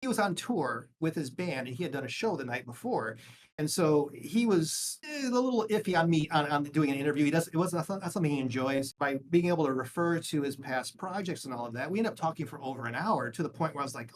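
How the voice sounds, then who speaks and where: A man's voice: a little high, animated, fast. A man guesting on a podcast interview, talking casually and self-deprecatingly, with frequent restarts. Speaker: guest, journalist and author.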